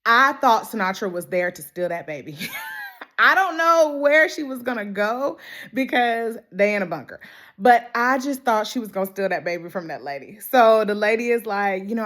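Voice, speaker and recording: A woman's voice: mid-range voice, moderate pace. A young woman, chatting casually through a TV episode recap with dramatic exclamations. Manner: animated, laughs often, dramatic exclamations. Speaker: show recap vlogger.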